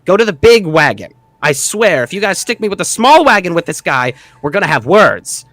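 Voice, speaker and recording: Guy doing a short bossy gnome jailer, high squeaky voice, fed up, very dry sound. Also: very animated, brisk, fairly bright tone, no echo. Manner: fussy, impatient bossing about. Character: small male gnome jailer, brusque, exasperated, businesslike. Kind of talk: tabletop role-play voice.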